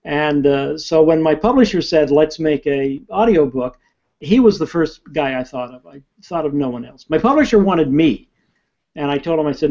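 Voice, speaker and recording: Talkative author guy, fairly high voice, storytelling, muffled lo-fi recording. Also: expressive, normal speed, a little mellow. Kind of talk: casual interview chat.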